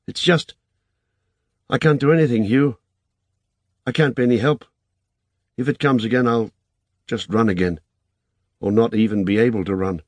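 A man voicing a frightened but fierce young woman who speaks softly in a thin, raised voice, in audiobook narration. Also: dry recording, close to an everyday voice. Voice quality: thin, higher voice. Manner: soft, under the breath.

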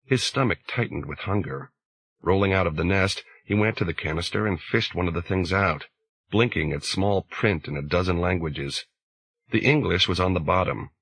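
Male audiobook narrator, deep and husky, measured delivery. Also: dry recording, rough recording. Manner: slow, measured, even. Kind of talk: scripted narration.

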